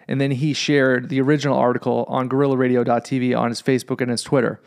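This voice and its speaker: A man's voice: mid-range voice, lively intonation, a little fast, vocal fry, darkish tone, smooth. A young man hosting a podcast, telling a rambling story with lots of swearing and filler words. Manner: rambling, profane, fillers like "you know what I mean". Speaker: podcast host. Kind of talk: casual storytelling monologue.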